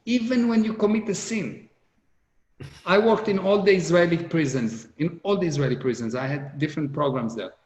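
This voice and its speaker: A man's voice: fairly high pitch, normal speed, darkish tone, muffled recording. A middle-aged man giving a motivational seminar talk, earnest and repetitive, speaking English with non-native grammar. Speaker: business speaker. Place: conference hall. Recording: roomy hall echo.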